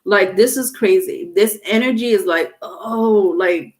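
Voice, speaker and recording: A woman doing a live tarot reading, talking casually, halting and repeating words, with some swearing. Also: mid-range voice, darkish tone. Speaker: tarot reader.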